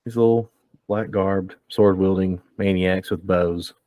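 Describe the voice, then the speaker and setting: A man running a tabletop game, relaxed and rambling as he narrates. His voice is deep and slow, with a dry, close sound. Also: dry recording. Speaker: game master.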